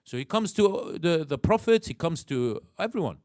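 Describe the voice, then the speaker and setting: A man with an Iraqi accent giving a religious lecture in a mosque, animated, acting out inner voices and asking the audience questions. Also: a little high, moderate pace, no echo, studio quality.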